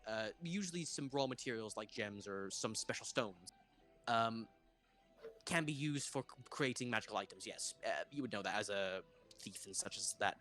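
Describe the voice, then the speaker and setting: A man's voice: lowish voice, animated, normal speed, a bit bright. A man narrating as game master in a casual, loose way.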